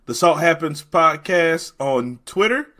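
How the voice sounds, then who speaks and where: A man hosting a podcast, bantering loudly with profane jokes. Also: fairly high pitch, lively intonation, measured pace, crowd noise. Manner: loud, joking, profane banter. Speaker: podcast host. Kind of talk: casual chat.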